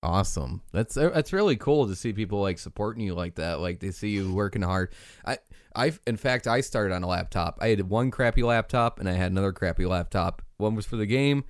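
Male interviewer, low smooth voice, loose rambling questions, dry close mic. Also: a little fast, no room sound. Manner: relaxed, rambling, many fillers. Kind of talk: casual interview chat.

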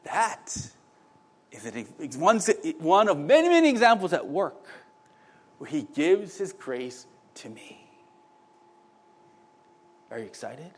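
Lively, animated male preacher. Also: fairly high pitch, measured pace. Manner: conversational, asides to the congregation, many restarts. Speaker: pastor. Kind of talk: sermon.

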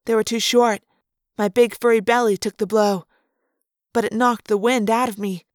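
A woman's voice: a little high, normal speed, no echo, studio quality. Woman narrating a story in first person. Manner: expressive, acting out the action.

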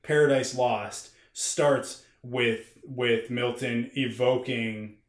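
A man's voice: mid-range voice, fairly even intonation, slow. A man co-hosting a podcast, explaining at length in casual chat, with many restarts. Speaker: podcast co-host. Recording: roomy echo.

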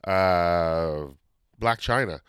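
A man hosting a podcast in casual chat, rambling and excitable, often losing his train of thought. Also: sits low, very slow, clean tone, no room sound. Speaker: podcast host.

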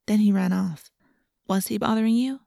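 A woman's voice: medium pitch, normal speed, vocal fry, mellow, dry recording, clean studio sound. A woman voicing a teenage girl who asks polite, hesitant questions. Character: friendly teenage girl offering help.

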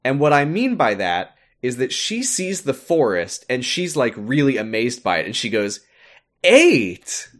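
A man co-hosting a podcast, recapping a TV episode in a relaxed, wry way and acting out lines from it. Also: medium pitch, normal speed, few pauses. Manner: relaxed, wry, quotes scenes in flat voices. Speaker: podcast co-host. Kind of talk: casual chat recapping a TV episode.

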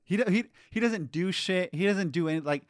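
A man in casual chat, profane and animated, ranting loudly and swearing often. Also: high voice, fairly quick, no room sound, studio quality.

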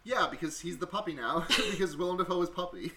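A man's voice: sits high, expressive, fast, noisy background. A man co-hosting a casual podcast about a film, rambling and restarting his sentences, with plenty of swearing. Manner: rambling, restarts often, profane. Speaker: podcast co-host.

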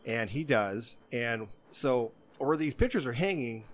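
A man's voice: mid-range voice, lively intonation, a little slow. A man in casual chat, telling a long story in a rambling way and often stopping to quote what other people said. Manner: rambling, repeats "she goes" while quoting others.

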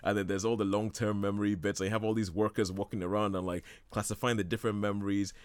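A man's voice: on the low side, level tone, fast, clean tone, no echo. A man talking casually and enthusiastically about a film as a radio show regular, rambling with many restarts and laughs. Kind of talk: casual chat.

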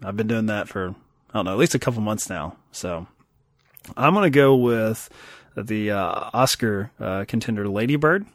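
A man's voice: lowish voice, expressive, normal speed, no echo. A man in his thirties co-hosting a casual movie chat, rambling and self-deprecating, laughing often. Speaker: podcast co-host.

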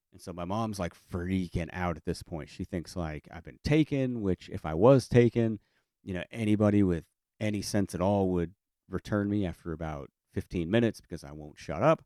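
A man with a very low voice tells a personal story in a loose, comic way, full of fillers and self-corrections. He speaks close to the mic with no room sound. He breaks into the voices of the people in his story now and then. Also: moderate pace, a little mellow, dry recording. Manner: rambling, many fillers and restarts; acts out family voices in quotes.

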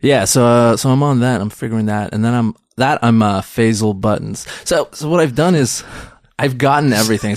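A man's voice: fairly low pitch, dry recording, clean studio sound. A man in his thirties, a stand-up comedian, chatting in an interview in a rambling, self-deprecating way full of restarts. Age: 30s. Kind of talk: casual interview chat.

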